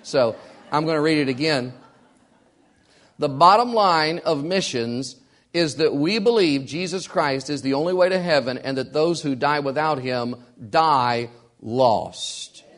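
A man's voice: on the high side, unhurried, fairly bright tone. A man preaching a sermon as pastor, emphatic and repeating key lines for weight.

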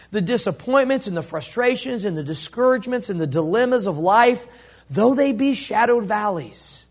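A male pastor preaching a sermon, leading the congregation in call-and-response and swinging between loud emphasis and hushed, slow phrases. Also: high-pitched.

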